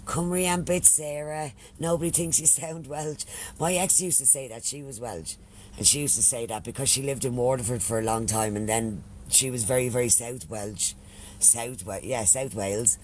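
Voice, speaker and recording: A man's voice: mid-range voice, normal speed, slight background noise. Chatty Irish man on a live stream. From Ireland. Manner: chatty, swears freely, thanks followers by name. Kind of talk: casual live-stream chat.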